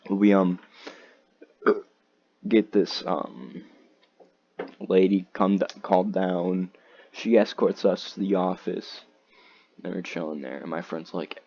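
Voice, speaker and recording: A man's voice: sits low, level tone, slow pace, gravelly, pauses often, darkish tone, lo-fi sound, slight background noise. A teenage boy casually telling a rambling, slangy story, acting out what others said in raised voices.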